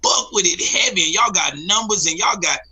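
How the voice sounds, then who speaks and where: A man's voice: high-pitched, expressive, a little fast, creaky, pushed and bright, husky. A man co-hosting a casual podcast chat who makes his points emphatically, repeating words as he builds up.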